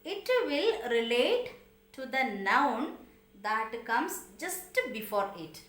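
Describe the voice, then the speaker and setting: A woman's voice: a little high, sing-song, slow, fairly bright tone, reverberant. A woman teaching English grammar, patiently repeating examples and asking her students questions, with non-native English phrasing. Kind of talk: online grammar lesson.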